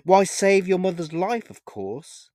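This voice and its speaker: A man reading a short story aloud, voicing a mysterious, sincere man in black who speaks in a calm, assured, gently insistent way. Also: high-pitched, a little slow, dry recording, studio quality, voice pushed up.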